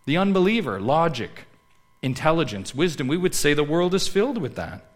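A man preaching a sermon, swinging between loud emphatic lines and hushed low asides, and putting rhetorical questions straight to his listeners. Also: very animated, brisk. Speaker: pastor.

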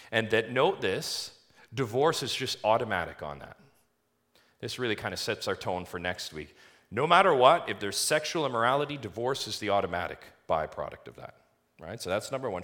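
A male pastor preaching a sermon, reading scripture slowly and putting rhetorical questions to the congregation. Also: fairly low pitch, a bit bright. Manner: reads scripture aloud slowly and deliberately.

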